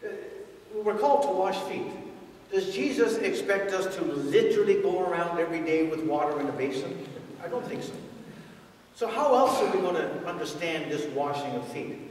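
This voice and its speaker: A man's voice: sits high, lively intonation, normal speed, a little mellow, a little hiss or hum. A man preaching a sermon in a conversational way, asking his congregation rhetorical questions. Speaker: priest. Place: large church. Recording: echoey church from far off.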